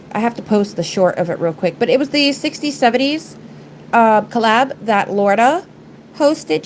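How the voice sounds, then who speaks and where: Woman live-stream host, congested and nasal, chatty and apologetic, middle pitch. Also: a little mellow, a little hiss or hum, rough recording. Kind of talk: casual live-stream chat.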